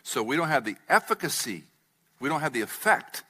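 Bright-voiced male pastor teaching. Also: medium pitch, big pitch swings, brisk, breathy edge. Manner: teaching, asks the congregation to follow along. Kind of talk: expository sermon.

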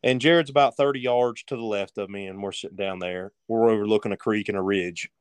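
A man's voice: lowish voice, fairly even intonation, fairly quick, clean tone, dry recording. A man telling a rambling story as a guest on a casual podcast.

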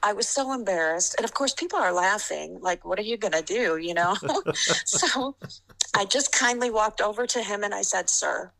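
A woman recounts a game memory in a casual, chatty way and laughs often. Her voice is bright and a little gravelly. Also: mid-range voice, expressive, normal speed, rough recording. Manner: laughs often while telling a story. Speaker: basketball referee guest. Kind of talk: casual storytelling.

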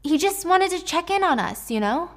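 A woman's voice: very high voice, lively intonation, normal speed, pitched above the performer's own voice. A woman voicing a defensive young woman, the heroine's older sister, in a retold story, speaking in a raised, pleading tone.

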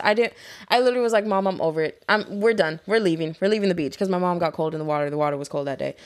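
Animated young woman telling stories. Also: fairly low pitch. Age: young adult. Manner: animated storytelling, swearing, laughing. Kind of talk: casual chat.

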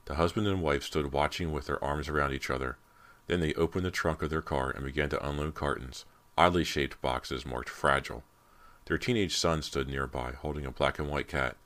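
A man narrating an audiobook in a measured, ominous way. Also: rumbling low, fairly bright tone. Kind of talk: scripted narration.

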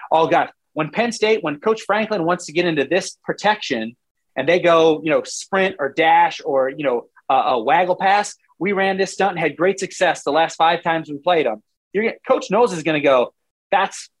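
A former player in his forties analyzes football in casual conversation, rambling animatedly and acting out what coaches would say. His voice is on the high side.

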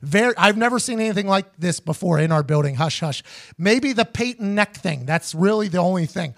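A man's voice: high-pitched, fairly quick, creaky. A man hosting a podcast, telling a story casually, acting out the other people's voices and swearing freely. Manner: animated, acts out others' voices in his stories, swears freely. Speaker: podcast host.

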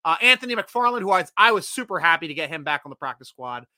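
A man's voice: fairly high pitch, fast, dry recording. A man hosting a casual sports fan livestream, chatting energetically and reading out viewer comments. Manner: energetic, chatty, bursts of loud excitement.

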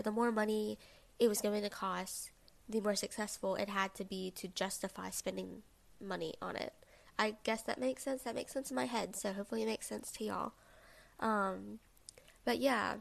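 A woman's voice: medium pitch, gravelly. A woman, hosting her own podcast in a chatty, self-deprecating monologue full of fillers and asides. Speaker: podcast host. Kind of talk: casual solo podcast monologue.

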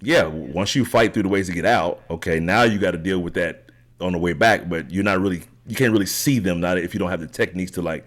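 Brief: very deep man, middle-aged, loose rambling storyteller, tags lines with "right?". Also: fast. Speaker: podcast guest, triathlete. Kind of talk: casual storytelling interview.

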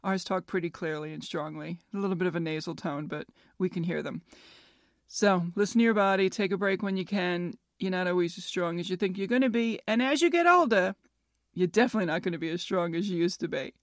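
A woman's voice: on the low side, a little fast, no echo, clean studio sound. A woman in her fifties hosting a casual solo podcast, chatty and self-mocking, laughing at her own jokes. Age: 50s. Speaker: podcast host.

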